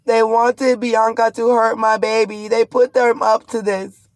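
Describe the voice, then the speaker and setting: A woman's voice: fairly high pitch, level tone, a little slow, dry recording. A pregnant woman recounts a frightening ordeal in an urgent, rambling, fearful way. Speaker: vlogger. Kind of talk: distressed personal account to camera.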